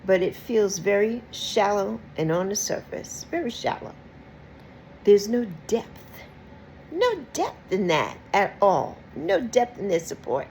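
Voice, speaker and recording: A woman talks straight to her viewers with a lively, swooping pitch. She hammers her points home by saying them twice and ends many lines with "right?" Faint noise sits under her voice. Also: creaky, rough recording. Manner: emphatic, repeats phrases and tags lines with "right?"; expressive, with bursts of laughter and mock quoted voices. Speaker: YouTube host. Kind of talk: casual talk to camera.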